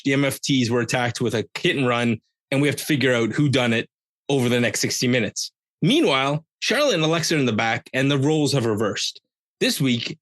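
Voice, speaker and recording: A man's voice: mid-range voice, a bit bright, dry recording. A man hosting a podcast, giving a casual, joking, rambling recap of a wrestling show. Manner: jokey, rambling, with playful asides. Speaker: podcast host.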